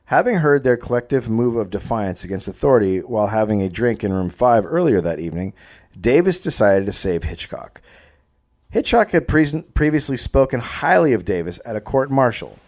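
A man's voice: mid-range voice, sing-song, normal speed, darkish tone. A man hosting a comedy podcast, reading a history story aloud and breaking off to riff and joke with silly voices. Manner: reads the story then riffs with silly voices.

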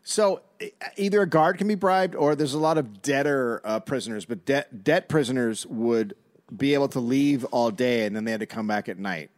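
A man's voice: medium pitch, normal speed, dry recording. Man telling a story on a dry mic. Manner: relaxed, recounting history. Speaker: podcast co-host. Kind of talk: casual comedic storytelling.

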